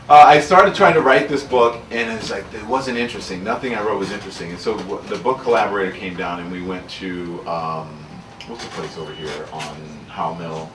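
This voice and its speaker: Earnest low-voiced man from Louisiana. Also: background noise. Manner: earnest, reflective storytelling. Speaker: author speaking at a book signing. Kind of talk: candid personal talk to an audience. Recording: roomy sound from far off, faint ambience.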